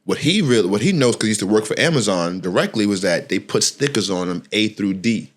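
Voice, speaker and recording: A middle-aged man hosting a podcast, telling a personal story in a casual, slangy, animated way and often restarting his phrases. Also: fairly low pitch, fairly quick. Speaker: podcast host.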